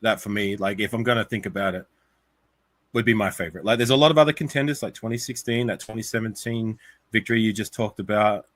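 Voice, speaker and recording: An Australian guest with a low but bright, forceful voice in a dry-sounding recording. He argues his case in a casual chat about sports. He leans on "like" and "you know" as he talks. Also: quick pace, no echo. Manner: argumentative, uses "like" often.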